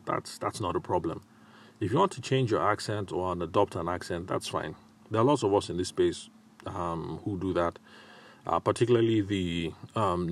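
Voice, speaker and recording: A man hosting a solo advice podcast, talking in a measured way with frequent filler pauses. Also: deep voice. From Nigeria. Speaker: podcast host.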